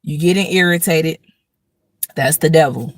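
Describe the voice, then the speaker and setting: A woman hosts a casual spiritual talk, preaching through everyday stories and acting out angry rants. Her voice sits low, her pace is measured, and there is no echo.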